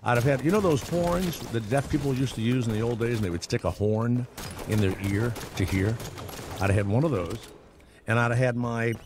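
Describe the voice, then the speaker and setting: A man's voice: mid-range voice, brisk, noisy background. A middle-aged man hosting a morning radio show, rambling and sarcastic, with lots of restarts and asides.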